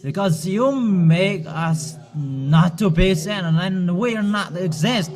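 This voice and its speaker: Guy preaching slow, high voice, keeps stopping and restarting, scolding the crowd. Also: expressive. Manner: halting, with frequent pauses and restarts; admonishing the congregation directly. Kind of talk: sermon.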